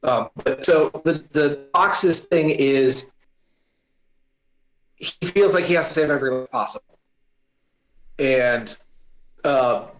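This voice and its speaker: A man's voice: fairly high pitch, takes it slowly, pauses often. Rambling man on a muffled call. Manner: rambling, filler-heavy explanations. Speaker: writer sharing his story. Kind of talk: casual group chat about writing.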